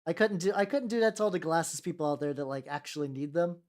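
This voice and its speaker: Streamer, casual livestream chatter, animated pitch, rambly and profane. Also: fast. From United States. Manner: rambling, swears freely, talks to chat, trails off mid-thought. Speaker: streamer painting miniatures. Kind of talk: casual livestream chat while painting.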